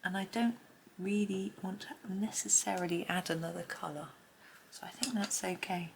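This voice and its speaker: A middle-aged woman talking softly and chattily through a colouring tutorial, often half-whispering. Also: medium pitch, fairly even intonation, normal speed, gravelly, a little hiss or hum. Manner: soft-spoken, often half-whispering, chatty with small laughs. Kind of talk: casual narrated drawing tutorial.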